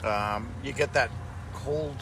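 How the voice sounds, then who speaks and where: A man's voice: mid-range voice, slow pace. A man hosting a livestream, chatting casually in a sarcastic, joking way. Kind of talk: casual chat. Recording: loud background noise.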